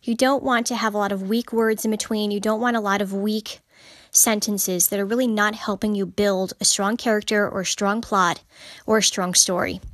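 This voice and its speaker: A woman's voice: mid-range voice, steady tone, moderate pace, a bit bright, dry recording, clean studio sound. A woman hosting a podcast on writing, explaining grammar in an informal, emphatic way and repeating key points. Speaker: podcast host teaching writing. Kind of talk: informal teaching monologue.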